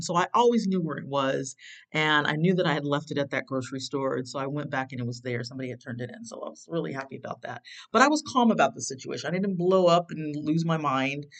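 A self-help speaker giving casual advice in a rambling, conversational way, full of fillers and restarts, with sudden jumps in pitch on questions. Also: fairly bright tone, poor audio.

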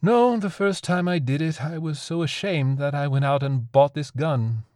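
A grim, guilt-ridden priest, as a male narrator puts him on in an audio story, confessing in a low, heavy way. Dry, close sound with no room around it. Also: moderate pace, darkish tone, no echo, lightly acted. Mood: ashamed.

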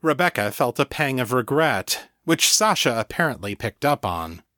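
A man narrating a serial audiobook in a steady, measured way, recorded on a close mic. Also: mid-range voice, no echo. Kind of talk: scripted narration.

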